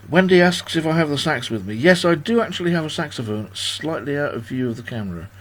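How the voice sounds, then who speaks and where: Here the man in his sixties sounds a little high, talking fast with lively intonation. He's hosting a livestream birthday party from his home, chatting in a rambling, self-deprecating manner while reading comments from viewers.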